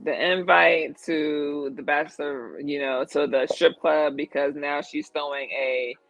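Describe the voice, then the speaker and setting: A man co-hosting a casual TV recap chat, telling the story in an animated way that wanders off on tangents. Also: on the high side, a little slow, gravelly, no room sound, dull audio, faint music behind. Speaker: podcast co-host.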